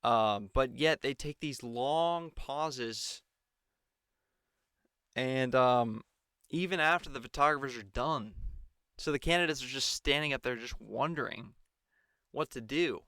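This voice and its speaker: A man's voice: medium pitch, unhurried, pushed and bright, clear, resonant tone, no room sound, clean studio sound. A man giving a sarcastic commentary on a televised debate and mocking the anchors. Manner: mocking, mimics the anchors in exaggerated voices. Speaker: political commentator.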